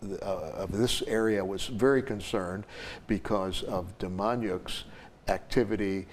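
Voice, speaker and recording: An older man hosting an interview talk show, full of fillers and quick agreeing remarks. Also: low-pitched, a little hiss or hum.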